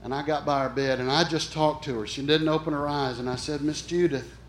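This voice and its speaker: A man's voice: fairly high pitch, steady tone, fast, a little hiss or hum. A man preaching an emphatic storytelling sermon, speaking earnestly and directly to his congregation. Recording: echoey room.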